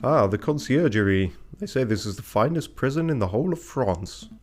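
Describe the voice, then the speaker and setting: A man's voice: medium pitch, expressive, brisk, darkish tone, faint music behind, pitched above the performer's own voice, natural voice. A man reading a pompous bird lawyer. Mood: formal.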